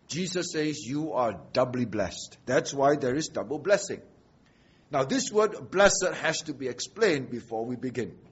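Lively, husky-voiced male preacher. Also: a little high, lo-fi sound. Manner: emphatic, uses rhetorical questions and repetition. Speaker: pastor. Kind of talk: sermon.

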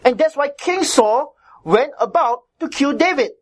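A woman's voice: sits high, animated, unhurried. A woman preaching a sermon as she teaches a Bible passage, with emphatic repetition and frequent "right?" checks to her listeners.

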